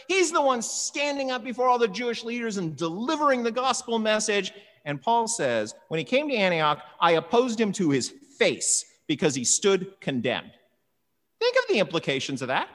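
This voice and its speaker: A preacher reading scripture aloud and then explaining it in an emphatic, conversational way, often asking "right?". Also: medium pitch. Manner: animated, emphatic, with frequent "right?" asides. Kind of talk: Bible reading and sermon commentary. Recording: long hall reverb.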